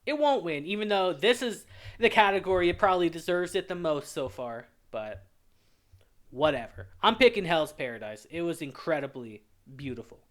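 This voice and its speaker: A young man hosts his own anime review channel, launching into a casual, heated reaction rant over a list, profane and exasperated. His voice sits fairly high, expressive and a little bright, at a moderate pace.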